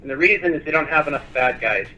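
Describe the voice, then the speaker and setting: A man appearing as a guest on a talk show, speaking in a passionate, animated way. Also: fairly high pitch, quick pace, a little hiss or hum, low-quality recording. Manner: passionate, animated, lively storytelling.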